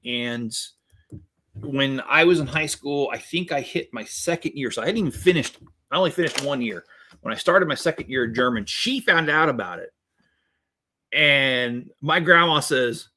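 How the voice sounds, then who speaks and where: A man in his fifties hosts a relaxed live stream and chats along with his viewers. His voice sits at an ordinary middle pitch. He rambles from one story to the next, joking and chuckling as he goes. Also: normal speed. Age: 50s. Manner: rambling and jokey, chuckles often. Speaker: host building LEGO sets while reading viewer chat. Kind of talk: casual live-stream chat.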